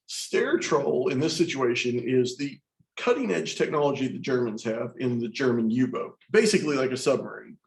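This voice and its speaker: A man's voice: mid-range voice, creaky, rough recording. A man teaching a history class in a casual, storytelling way, talking straight to his students. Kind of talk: classroom lecture.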